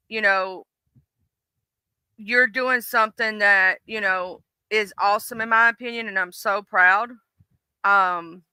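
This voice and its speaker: Bright, chatty live-stream host woman. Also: medium pitch, smooth, no echo. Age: middle-aged. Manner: rambling, many fillers and restarts. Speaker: livestream host. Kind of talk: casual live-stream chat.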